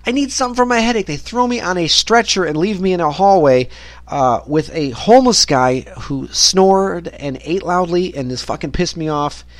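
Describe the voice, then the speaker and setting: A man's voice: on the high side, expressive, moderate pace, no room sound. A man hosting his own podcast, ranting in a rambling solo monologue full of swearing and exasperation. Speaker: podcast host.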